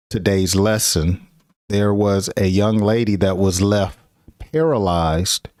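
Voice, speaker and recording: A middle-aged man teaches English in an easygoing, unhurried way. His voice sits on the low side, and he often breaks into laughter while acting out example lines. The sound is dry and close, with little room behind it. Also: no echo. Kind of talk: casual spoken lesson.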